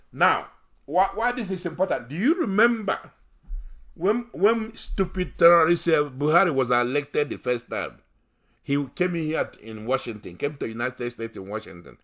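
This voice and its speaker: A man's voice: medium pitch, expressive, moderate pace, fairly bright tone. Heated man ranting on politics. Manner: heated, scornful, repeats himself for emphasis. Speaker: commentary show host. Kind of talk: political commentary monologue.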